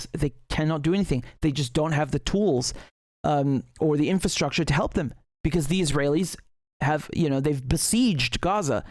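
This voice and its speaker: A man's voice: fairly high pitch, darkish tone, dry recording, clean studio sound. A man giving heated, indignant solo commentary, sarcastic at times, often stumbling and restarting his sentences. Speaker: political commentator.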